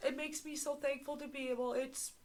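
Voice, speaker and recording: A woman's voice: high-pitched, flat delivery, brisk. A young woman, a young mother, talking earnestly and from the heart with her mom on a podcast, swearing casually. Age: young adult. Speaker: podcast co-host, daughter. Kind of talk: casual chat.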